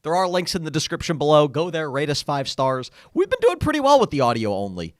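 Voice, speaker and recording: A young man co-hosting a podcast, telling stories in a casual, animated chat. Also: fairly high pitch, fast talker, no room sound, studio quality. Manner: animated storytelling, frequent "like". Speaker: podcast co-host.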